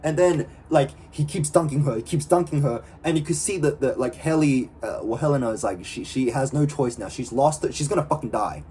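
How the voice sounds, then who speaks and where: Man, casual vlog chat, excitable, slangy, swears a lot, faint background hum. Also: mid-range voice, a little fast, few pauses. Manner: excitable, slangy and profane, full of fillers. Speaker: vlogger. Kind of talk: casual talk to camera.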